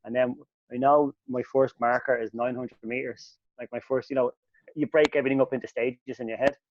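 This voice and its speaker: A man co-hosting a casual podcast, telling stories in an animated, self-mocking way. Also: mid-range voice, fairly quick, no echo. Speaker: podcast co-host. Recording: dull audio with faint hiss.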